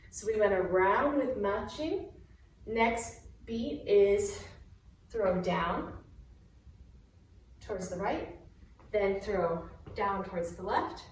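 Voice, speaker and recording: A woman's voice: medium pitch, distant mic. A young woman teaching dance in a roomy, echoing space, standing off from the microphone. She takes her time explaining each step, then counts and scats the beats aloud over faint room noise. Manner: breaks into counts and sung beats while explaining moves. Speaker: dance instructor. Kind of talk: counting and scatting through dance steps.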